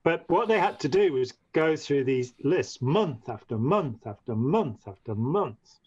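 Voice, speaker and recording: A man's voice: a little high, lively intonation, unhurried, darkish tone, slightly rough, no echo. Guy rambling thru a long story on a podcast, lots of you knows, lo-fi dry sound. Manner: rambling, with frequent "you know" and restarts. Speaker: podcast guest, former member of a movement. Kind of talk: long-form storytelling in conversation. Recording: dull, dry lo-fi audio.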